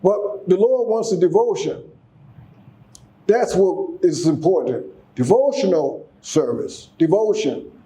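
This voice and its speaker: A man's voice: high-pitched, animated, slow pace, dark tone. A man giving a casual sermon, exhorting the congregation, often repeating and restarting his words. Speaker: speaker giving a class.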